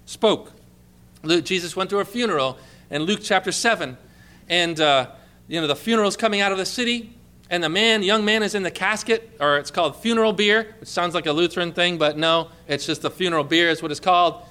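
A man preaching a sermon, telling stories in an animated, emphatic way and rising to exclamations. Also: sits high, fairly quick, clear, resonant tone.

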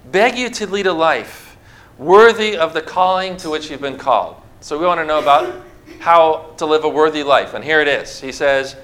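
A man with a high, bright voice delivers a sermon in a church, speaking directly to his congregation. He leans on rhetorical questions and hands-on object lessons in a conversational preaching style. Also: expressive, moderate pace, slight background noise. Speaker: pastor.

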